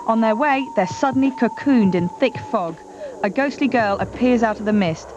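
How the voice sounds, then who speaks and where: A woman's voice: a little high, normal speed. A woman reading a scripted video game review voice-over, telling the story dramatically. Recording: dull TV audio with music.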